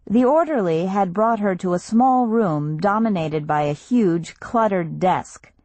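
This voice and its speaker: A woman narrating an audiobook in a steady, measured reading voice, recorded on a close studio mic. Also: medium pitch, dry recording.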